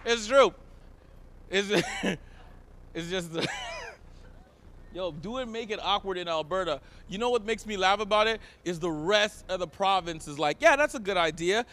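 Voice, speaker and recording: A young man from Canada doing a stand-up comedy set on stage, animated, laughing often and shouting punchlines. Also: sits high, unhurried, pauses often. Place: event stage before a live audience.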